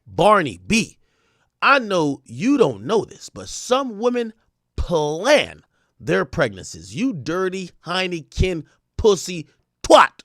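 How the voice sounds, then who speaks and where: A man's voice: wildly swooping pitch, takes it slowly, a bit bright, dry recording, clean studio sound, heavily acted. A man doing a haughty female rap star. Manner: high, mocking impression read aloud.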